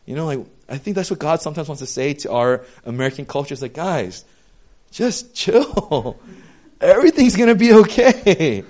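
A young adult man preaching as a pastor in a casual, candid, self-deprecating way, speaking to the congregation as friends. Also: fairly high pitch. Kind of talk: casual sermon.

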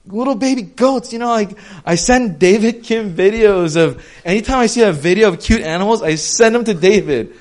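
A young man giving a casual, conversational sermon, telling stories with lots of "um" and "like". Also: high voice. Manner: chatty, many fillers like "um" and "like", animated storytelling. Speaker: preacher.

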